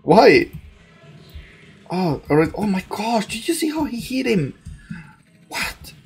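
Excitable, gravelly gamer voice. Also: mid-range voice, slow, soft background music. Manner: excitable, panicky, laughs often. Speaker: gaming channel host. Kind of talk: gameplay commentary.

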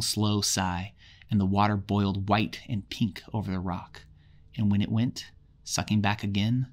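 A man giving a casual chapter summary of a novel, mixing dramatic readings with wry, jokey asides. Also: medium pitch. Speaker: literature explainer.

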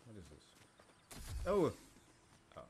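A man's voice: medium pitch, huge pitch swings, takes it slowly, a little mellow, a little hiss or hum. A young man streaming a video game, joking, swearing and talking to himself. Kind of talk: casual live-stream commentary.

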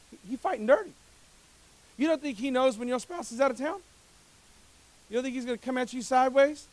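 High-voiced, energetic male pastor. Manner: energetic, conversational, jokes with the congregation, asks rhetorical questions; repeats words when speeding up. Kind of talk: sermon. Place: church service.

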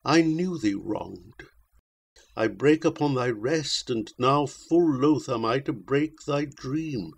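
A man reading the lines of a scheming, mocking damsel in a narrative poem, slow and insinuating. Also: mid-range voice, expressive, gravelly, husky, heavily acted. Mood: sly.

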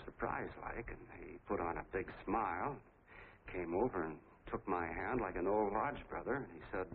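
An actor playing an eager, talkative small-town soda jerk with an American accent, telling a long rambling story in a folksy way. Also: male voice, on the low side. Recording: tinny lo-fi 1940s film soundtrack with faint hiss.

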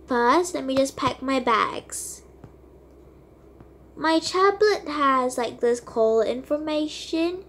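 A woman's voice: high voice, slow, fairly bright tone. A woman playing and narrating a toy role-play game, talking casually to her viewers.

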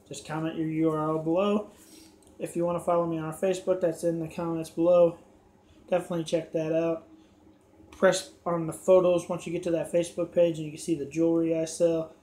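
A man's voice: fairly high pitch, little pitch movement, brisk, mellow. An American man hosting a reaction video, talking casually and rambling, often stumbling and restarting his words. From United States.

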